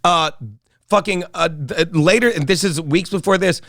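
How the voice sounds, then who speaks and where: A man's voice: sits high, normal speed, fairly bright tone, dry recording, studio quality. A middle-aged man from South Jersey, a comedian and guest co-host telling a long, rambling story with lots of profanity, laughing as he talks. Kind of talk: casual storytelling chat.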